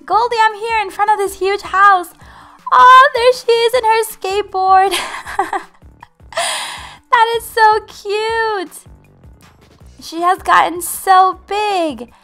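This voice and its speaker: A woman's voice: extremely high pitch, slow, pauses often, bright, forceful tone, faint music behind. A woman hosting a game channel, giving bubbly, giggly roleplay commentary to her viewers.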